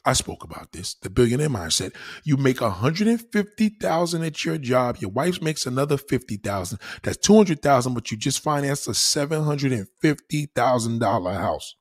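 A man's voice: medium pitch, very animated, normal speed, few pauses. A man with a New York accent delivering a heated, profane, preachy rant.

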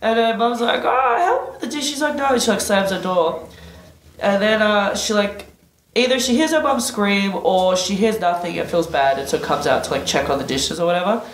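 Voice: mid-range voice, moderate pace. A guest, chatting casually on a podcast and telling swear-laden stories with lots of animation. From Australia. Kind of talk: casual chat. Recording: roomy room echo.

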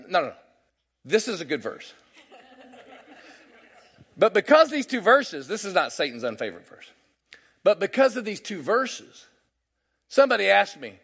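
Gravelly high-voiced preacher guy, really lively, pulls the crowd into answering back. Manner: call-and-response, drawn-out emphatic scripture reading. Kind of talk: sermon.

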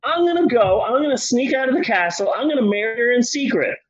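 A man's voice: extremely high pitch, lively intonation, fast, highs cut off, voice pushed up. A man voicing a careless, rebellious young puppet king in a comedy story, with a casual, swearing, exasperated delivery. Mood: indignant.

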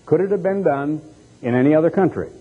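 Husky man preaching a broadcast sermon. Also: a little high, quick pace. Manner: emphatic, rhetorical questioning. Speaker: radio evangelist. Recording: dull lo-fi recording.

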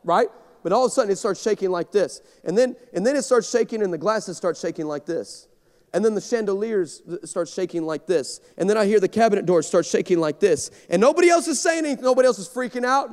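A male guest pastor from Texas preaching a sermon, energetic and storytelling, often repeating words as he builds. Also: high voice. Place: large church sanctuary. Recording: long hall reverb in church.

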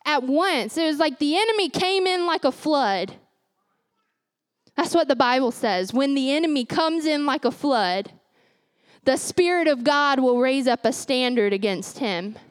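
Brief: young woman preacher, high voice, dry close sound, emphatic repeats. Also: no room sound. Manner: emphatic, repeats key phrases, laughs at herself. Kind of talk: sermon.

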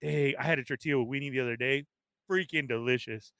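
A man hosting a casual live stream, energetically reading out viewer shout-outs one after another. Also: medium pitch, fast, creaky, smooth, no room sound. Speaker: livestream host.

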